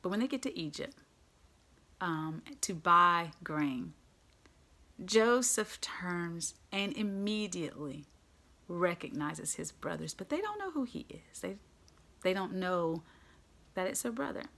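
A woman preaching a sermon, retelling a story with lively, casual delivery and acting out the characters' lines. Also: fairly low pitch, slow, gravelly, pauses often. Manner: animated, acts out characters in casual voices.

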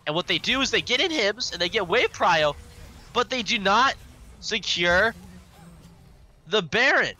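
A man with a hoarse voice casting esports play-by-play with excitable energy, coughing now and then. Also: sits high, a little slow, pauses often. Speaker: esports caster. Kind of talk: live esports commentary.

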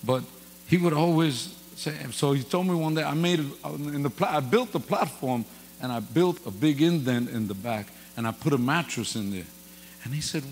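A man's voice: medium pitch, moderate pace. A man preaching an informal sermon in a church, folksy and joking, with casual grammar and humorous stories. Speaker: guest pastor. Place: church hall. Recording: long hall reverb with faint mains hum.

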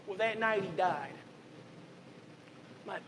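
A man's voice: high voice, big pitch swings, moderate pace, sharp tone, echoey room, slight background noise, rough recording. A man pastor giving a candid testimony sermon, telling his life story in a conversational way, full of asides. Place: church sanctuary.

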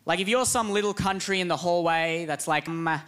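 A man from Australia, doing an animated, laughing comedic monologue. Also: high-pitched, a little fast.

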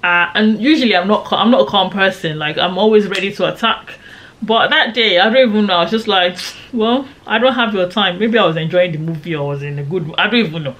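A woman's voice: lowish voice, fast. A young woman, dramatically retelling a personal story in a casual vlog. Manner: animated, dramatic retelling with quoted shouts. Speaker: storyteller vlogger.

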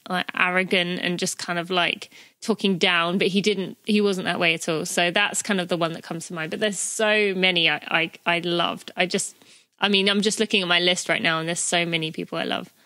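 Woman podcast host, mid-pitch, bright tone, dry close mic; casual, rambling chat. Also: fairly quick, no echo. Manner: chatty, filler-heavy, lively quoting. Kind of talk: casual chat between friends.

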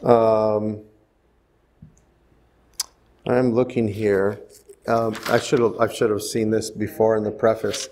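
A man's voice: fairly low pitch, flat delivery, takes it slowly, long pauses, darkish tone. A male pastor giving a conversational bible study sermon in a church, often asking the congregation questions. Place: church sanctuary.

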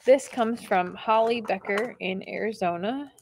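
A woman hosting a casual vlog, opening mail from viewers and talking warmly and emotionally, close to tears at times. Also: mid-range voice, measured pace, vocal fry, noisy background. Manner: chatty and emotional, near tears.

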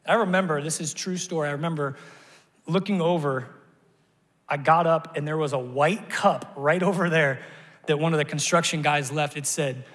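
A man preaching a sermon as pastor, telling stories animatedly, climbing to shouts and then dropping soft and quiet in prayer. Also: a little high, normal speed. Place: church auditorium. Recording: long reverb of a large church hall.

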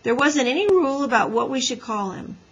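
A woman's voice: sits high, lively intonation, a little fast, husky, voice pushed up, full character voice, poor audio. A woman voicing a polite, earnest boy who owns the dog's rival claim. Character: strange boy, polite and defensive.

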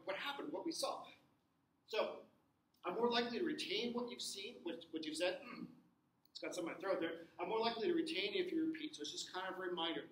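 A man teaching a recorded lecture, repeating words and checking in with the class as he explains. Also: high-pitched. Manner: repeats himself, checks in with "okay?". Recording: echoey room with faint noise.

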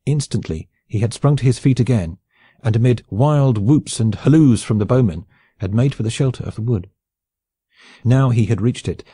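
Male audiobook narrator, measured storytelling, mellow tone, dry close recording. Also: mid-range voice, husky, no room sound. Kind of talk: scripted narration of a classic novel.

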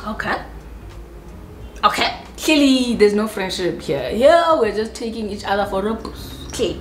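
A South African woman YouTuber telling a personal story in a dramatic, animated way, with sudden high-pitched asides. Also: measured pace, echoey room, slight background noise. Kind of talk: storytime vlog.

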